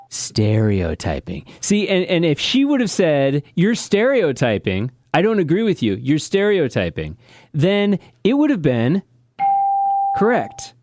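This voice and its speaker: A man co-hosting a casual podcast, explaining his points deliberately, step by step. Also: a little high, background noise. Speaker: podcast co-host.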